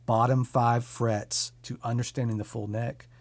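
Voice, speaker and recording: A man hosting a music channel, talking casually and enthusiastically about creators he recommends, with quick self-deprecating asides. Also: medium pitch, little pitch movement. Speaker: music YouTuber and host.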